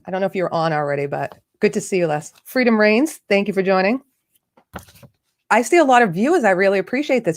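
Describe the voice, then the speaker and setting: A woman's voice: medium pitch, animated, brisk. A woman hosting a casual livestream, chatting in a bubbly way straight to her viewers and a remote chat. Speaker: livestream host.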